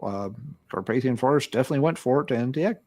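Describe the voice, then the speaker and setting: A man's voice: mid-range voice, animated, quick pace, darkish tone. A man co-hosting a music podcast, chatting casually and rambling with many fillers and restarts. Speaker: podcast co-host. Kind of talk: casual music review chat.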